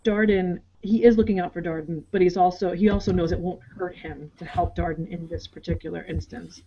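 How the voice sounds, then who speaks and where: A woman co-hosting a casual show recap over a video call, animated and quick to act out people's lines. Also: on the low side, dull audio, slight background noise. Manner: animated, acts out characters' lines in quick asides. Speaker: podcast co-host.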